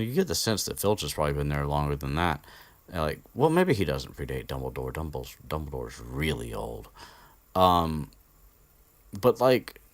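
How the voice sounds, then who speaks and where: Podcast host, male, very low voice, dry close sound, loose rambling delivery full of "um"s. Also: no echo. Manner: rambling, many fillers and restarts, swears casually. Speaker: podcast host recapping a book chapter. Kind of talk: casual unscripted chat. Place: indoor room with an air conditioner.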